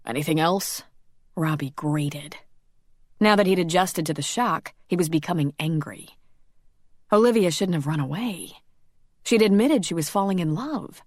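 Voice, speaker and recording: A woman's voice: on the low side, dry recording. Woman narrating an audiobook, dry sound. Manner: steady storytelling. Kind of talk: scripted narration.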